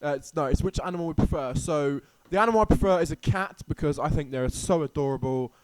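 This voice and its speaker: A man co-hosting a casual podcast, talking in an excitable, exclaiming way. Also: fairly high pitch, fast talker. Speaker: podcast co-host. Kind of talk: casual chat.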